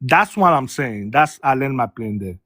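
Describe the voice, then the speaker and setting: A man's voice: mid-range voice, lively intonation, normal speed, a bit bright, dry recording, clean studio sound. A man speaking English as a second language, debating on a panel, emphatic and repetitive, with mocking sighs. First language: not English.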